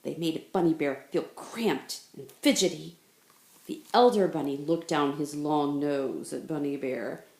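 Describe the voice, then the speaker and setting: A woman teacher reading a picture book aloud in a slow, expressive storytelling voice. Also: deep voice, gravelly. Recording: roomy echo.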